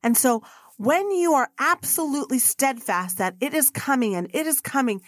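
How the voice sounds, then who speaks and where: A woman's voice: high-pitched, lively intonation, moderate pace, no echo, studio quality. Blunt storytelling woman podcaster. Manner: blunt, profane storyteller acting out quotes. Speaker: podcast host. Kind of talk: solo podcast monologue.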